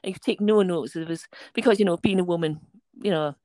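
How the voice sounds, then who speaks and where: A woman's voice: on the low side, fast, darkish tone, low-quality recording. A woman, a tutor and podcast guest, telling a blunt story with a laugh. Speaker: guest, learning difficulties tutor. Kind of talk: casual storytelling chat.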